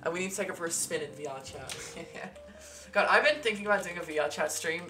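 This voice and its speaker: A woman with a fairly low voice hosts a live stream, chatting casually and rambling from one thought to the next. She is excitable and swears freely, with faint music playing behind her. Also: quick pace. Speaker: streamer host.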